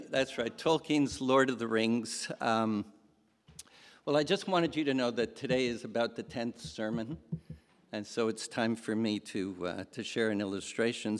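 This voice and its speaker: A man preaching a sermon, telling a story in a halting way and acting out the quoted lines. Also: mid-range voice. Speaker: pastor. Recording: long hall reverb.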